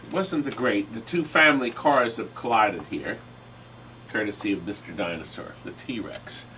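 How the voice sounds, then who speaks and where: A man's voice: lowish voice, normal speed, sharp tone, a little hiss or hum, poor audio. A man hosting a live online auction stream, joking while describing items up close.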